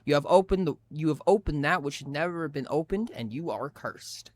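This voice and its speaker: A man voicing a cold, cryptic male carriage driver in a story he reads aloud, speaking low, soft and slow. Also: lively intonation, natural voice. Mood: ominous.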